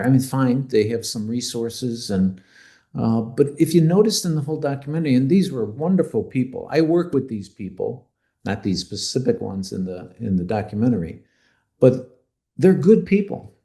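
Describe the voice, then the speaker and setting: On a casual podcast, a man co-hosts as the resident expert, laying out his opinions with confidence. His voice is mellow and expressive, medium in pitch, at a normal speed.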